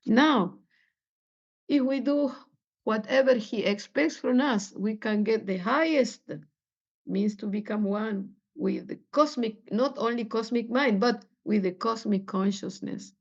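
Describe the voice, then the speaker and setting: A woman giving a meditation lesson, halting and searching for words with many fillers. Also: on the high side. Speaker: spiritual teacher. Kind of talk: meditation teaching talk. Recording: dull lo-fi recording.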